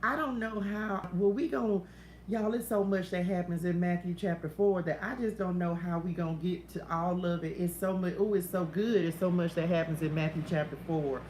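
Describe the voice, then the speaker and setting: A middle-aged woman chats her way through a morning devotional livestream, laughing easily and wandering off into side stories. Her voice sits a little low, and the room is echoey with faint ambience behind her. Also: normal speed, darkish tone, slight background noise. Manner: talkative, laughs often, drifts into side stories. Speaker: host of a morning spiritual livestream. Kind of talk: casual chatty devotional livestream.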